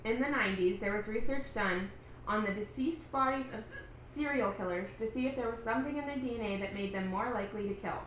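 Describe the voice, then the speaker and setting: A woman's voice: fairly high pitch, quick pace, fairly bright tone, slight background noise. Blunt young woman, echoey room. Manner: blunt, reactive, swears casually. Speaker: podcast co-host. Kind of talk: casual TV recap chat. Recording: roomy echo.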